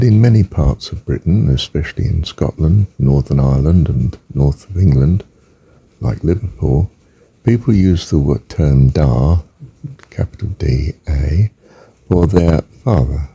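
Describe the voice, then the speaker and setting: A former pastor, a man, talking casually and reading notes aloud, halting with frequent ums and self-corrections. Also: deep voice, gravelly, mellow, breathy edge, no echo, lo-fi sound.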